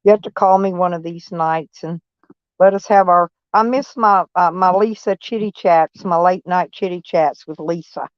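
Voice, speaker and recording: A woman's voice: lowish voice, moderate pace, smooth, dry recording. Chatty folksy woman on a dull stream. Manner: chatty, folksy, answers chat comments by name; blunt, peppered with mild cursing. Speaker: live-stream vlogger. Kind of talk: casual live-stream chat with viewers.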